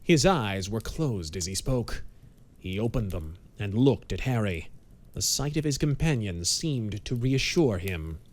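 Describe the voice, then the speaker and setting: A man giving measured, dramatic narration of a pulp audiobook. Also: on the low side, expressive.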